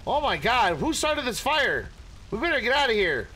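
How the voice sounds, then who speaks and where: A man's voice: extremely high pitch, sing-song, moderate pace, bright, forceful tone, husky. A man playing a video game and giving goofy running commentary, chatting to animals and yelping in panic. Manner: goofy, talks to animals, sings and yelps. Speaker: gaming streamer. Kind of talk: playful let's-play commentary.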